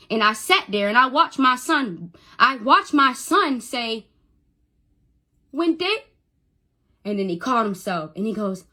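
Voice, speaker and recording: On a phone livestream, a young woman speaks emotionally in a pushed, bright, rather high voice. She stammers, repeats herself and swears as she goes.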